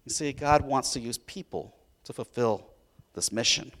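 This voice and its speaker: A man preaching a sermon as a pastor, telling a story in an animated way and swinging between loud and hushed. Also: mid-range voice, normal speed.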